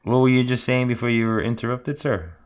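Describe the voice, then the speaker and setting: A man hosting a casual panel chat, asking halting, rambling questions. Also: mid-range voice. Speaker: host.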